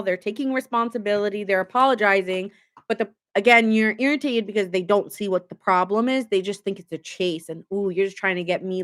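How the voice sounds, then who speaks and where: A woman's voice: on the high side, fairly bright tone. Chatty woman giving a live tarot reading. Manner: chatty, laughs often, acts out quoted voices. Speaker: tarot reader streaming live.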